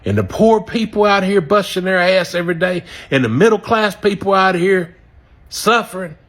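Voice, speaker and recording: A man from near Memphis, ranting angrily and profanely, his voice swinging between loud outbursts and low mutters. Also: normal speed. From Southern US, near Memphis. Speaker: regretful voter. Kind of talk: angry direct-to-camera rant.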